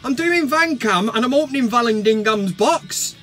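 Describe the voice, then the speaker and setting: A young man talks in a very high, bright, sharp voice. He is giddy and shouty, swearing freely as a fan vlog host, with faint music behind him. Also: animated, normal speed.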